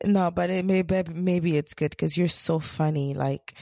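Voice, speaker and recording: Soft-spoken woman with heavy vocal fry. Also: fairly low pitch, steady tone, a little slow, no room sound, studio quality. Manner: soft-spoken, recovering from surgery. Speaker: podcast co-host. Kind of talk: casual chat.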